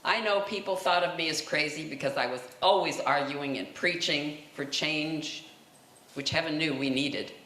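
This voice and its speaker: A man's voice: on the high side, normal speed, sharp tone. A man performing a dramatic monologue as Mary Magdalene, a passionate woman telling her own story with rhetorical questions, at a seminary talent show. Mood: impassioned. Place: seminary event room. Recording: roomy echo, faint noise.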